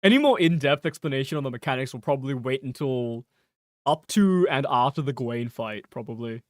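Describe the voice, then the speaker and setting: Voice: medium pitch, animated, a little fast, darkish tone, no room sound, studio quality. A streamer with a northern English accent giving laid-back gameplay commentary, muttering to themselves and swearing freely. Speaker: game streamer.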